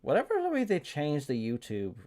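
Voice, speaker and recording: A man's voice: on the high side, huge pitch swings, a little fast, a little mellow. A man streaming a game, talking candidly and emotionally, with casual swearing. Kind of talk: casual live-stream commentary. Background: game music.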